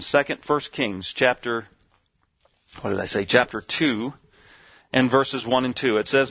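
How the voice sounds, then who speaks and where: Male preacher, mid pitch, deliberate sermon delivery, lo-fi dry recording. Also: breathy edge, dry recording. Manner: slow emphatic scripture quoting, some restarts. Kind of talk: sermon with scripture reading.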